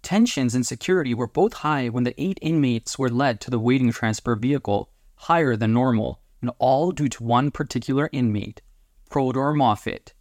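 A man's voice: mid-range voice, no room sound, clean studio sound. Man narrating a homemade audiobook. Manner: deliberate, announces each chapter.

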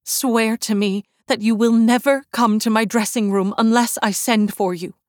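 A frightened young woman pleads in a high, shaky voice, as a woman reader puts her on. The sound is dry and close, with no room around it. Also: fairly even intonation, moderate pace, a little mellow, dry recording, natural voice. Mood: pleading. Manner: high, trembling and urgent.

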